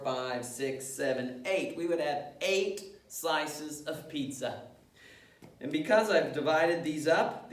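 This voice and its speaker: A man's voice: a little high, roomy sound, recorded from a distance. A male music teacher leading an elementary class through rhythms, patient and step by step, chanting the rhythm syllables in time.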